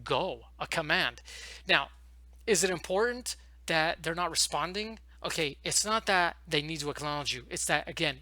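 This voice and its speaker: Fast, emphatic male teacher with a bright voice. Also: a little high, no echo, poor audio. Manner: fast, emphatic, demonstrating with repeated phrases. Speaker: online ESL teacher. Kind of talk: instructional talk to camera.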